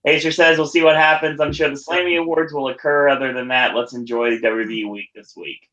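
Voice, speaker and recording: A man's voice: fairly high pitch, fairly even intonation, fairly quick, sharp tone, echoey room, muffled recording. A man hosting a podcast in casual chat, giving brief dry replies and reading out chat comments. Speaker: podcast host.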